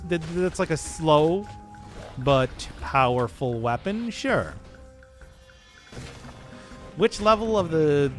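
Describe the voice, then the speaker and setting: A man streaming a game, rambling in casual commentary and laughing at his own jokes. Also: fairly high pitch.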